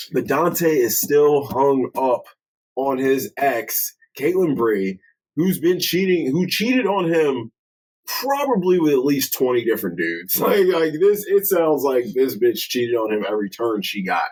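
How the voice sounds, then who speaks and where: A man's voice: mid-range voice, very animated, unhurried, a little mellow, slightly rough, poor audio. A man co-hosting a podcast, telling stories in a profane, laughing, casual way and acting out scenes. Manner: profane, laughing storyteller who acts out scenes. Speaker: podcast co-host. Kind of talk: casual movie review chat.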